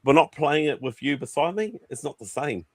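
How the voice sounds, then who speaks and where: A man's voice: a little high, animated, a little fast, creaky, no echo, studio quality. A man with a New Zealand accent hosting a casual livestream chat, rambling and swearing freely. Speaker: host.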